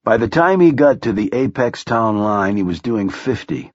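A man narrates a novel in a measured, even storytelling voice, low and slightly husky. The sound is dry and close, with a slightly dull lo-fi edge. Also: dry recording. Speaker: audiobook narrator. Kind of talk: scripted narration.

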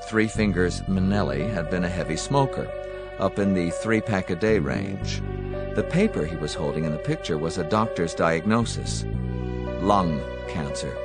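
A man's voice: sits low, moderate pace, loud music behind the voice. A man narrating an audiobook in a dramatic, tense manner.

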